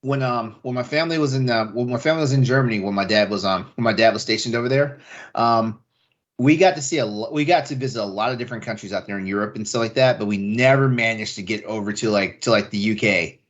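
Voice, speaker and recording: A man's voice: lowish voice, fast talker. A man co-hosting a podcast in casual chat, rambling with many restarts and fillers. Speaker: podcast co-host. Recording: slightly dull lo-fi audio.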